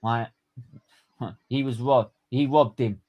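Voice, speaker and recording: An excitable man chats casually as host of a live stream. He laughs often and his voice sits in an everyday middle range. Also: mid-range voice, takes it slowly, muffled recording. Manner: excitable, laughs a lot, shouts when retelling. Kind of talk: casual watchalong chat.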